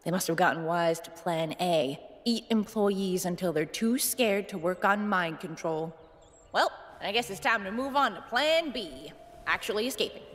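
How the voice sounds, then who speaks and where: A woman's voice: medium pitch, lively intonation, moderate pace, long reverb tail, lightly acted. A woman voicing a scheming, gloating villain in a cartoon parody. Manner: gloating, theatrical.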